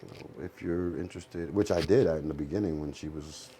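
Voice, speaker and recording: Male podcast host and dad. Very low voice, casual and hesitant, faint background noise. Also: fairly quick, dark tone. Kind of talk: casual chat.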